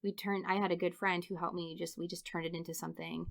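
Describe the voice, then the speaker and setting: A woman in her thirties, a podcast guest, telling funny stories in an animated way and laughing often. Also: on the low side, quick pace, vocal fry. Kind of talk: casual storytelling interview.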